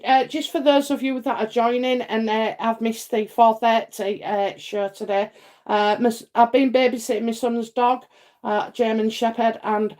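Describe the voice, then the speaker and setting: A middle-aged Englishwoman hosts a live psychic stream of casual chat and readings, rambling along with plenty of fillers and repetition. Her voice is a little high and a little mellow.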